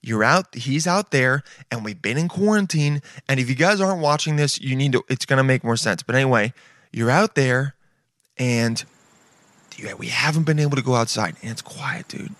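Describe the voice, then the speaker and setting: A mid-range, somewhat bright and expressive voice at a moderate pace belongs to a late-twenties man giving easygoing reaction commentary. He swears frequently and keeps saying "dude." The clean studio sound has no echo, but music runs behind him.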